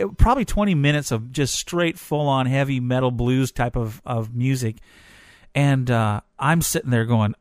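A man telling a personal story in a casual, animated way, getting emotional as he goes. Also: medium pitch, no room sound, studio quality. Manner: animated, emotional, grows excited. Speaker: storyteller recounting a concert.

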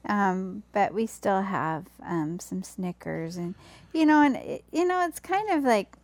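A middle-aged woman in casual conversation, her voice gravelly with vocal fry. She talks hesitantly, restarting her sentences, in a dry, close sound. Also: medium pitch, animated, dry recording. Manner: hesitant, halting, lots of restarts. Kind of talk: casual chat.

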